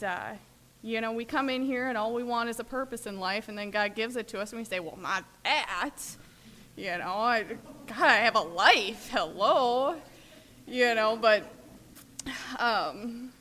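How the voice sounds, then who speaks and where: A woman's voice: mid-range voice, a bit bright, a little hiss or hum. A woman from Minnesota speaking at a recovery workshop, telling stories in a chatty way full of fillers. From Minnesota, USA. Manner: chatty storyteller, many fillers. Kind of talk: recovery talk, personal sharing.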